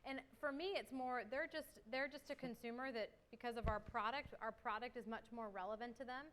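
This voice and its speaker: A young woman giving an energetic conference talk and answering questions, a little out of breath. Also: fairly high pitch, a little fast. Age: young adult. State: slightly out of breath. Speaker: marketing executive speaker.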